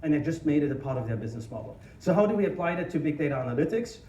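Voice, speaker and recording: A man's voice: a little high, racing, far from the mic, highs cut off. German-accented man speaking in an echoey hall. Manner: energetic, informal, self-deprecating, many restarts. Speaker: conference speaker. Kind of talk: tech conference talk. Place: conference hall. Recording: echoey hall, mic from afar.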